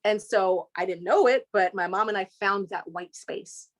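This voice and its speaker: A woman, an interview guest from California, telling stories with lively voice imitations and quick pitch jumps. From Inglewood, California. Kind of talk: animated storytelling.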